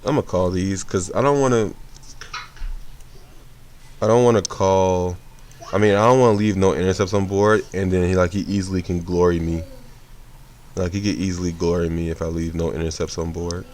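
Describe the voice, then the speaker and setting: A sleepy young man talks through a card game in a low, deep voice, loose and rambling and often correcting himself mid-sentence. A faint hum sits under his voice. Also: normal speed, pauses often. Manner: relaxed, rambling, self-correcting. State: sleepy, yawning. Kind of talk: casual gameplay commentary.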